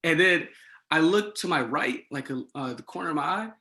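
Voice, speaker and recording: Bright, animated young man telling a story. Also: fairly high pitch, normal speed. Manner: animated, swings into excited quoted dialogue. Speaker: podcast guest, resident assistant. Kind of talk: casual storytelling.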